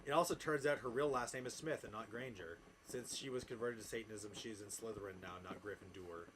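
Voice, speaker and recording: A man's voice: lowish voice, a little fast. Brief: male podcast host, comedic reading, dry delivery, cracks up now and then, noisy ambience. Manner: deadpan reading, breaking into laughter and asides.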